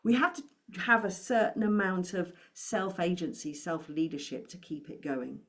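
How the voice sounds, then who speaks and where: A woman's voice: lowish voice, lively intonation, normal speed. A woman speaking as a money coach, giving an encouraging talk to camera and asking the listener questions.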